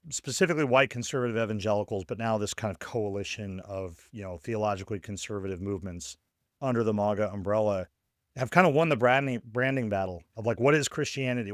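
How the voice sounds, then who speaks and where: Podcast guy talking religion stuff, mid pitch, dry close mic, lots of "right?". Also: dry recording. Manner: thinks aloud, frequent "right?" tag questions and restarts. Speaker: podcast co-host; scholar of religion. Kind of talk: analytical casual discussion.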